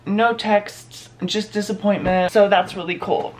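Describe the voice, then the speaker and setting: Speaking slowly in a high voice, a young vlogger films a casual video in his bedroom and bathroom at home. His tone is dramatic, sarcastic, and self-mocking.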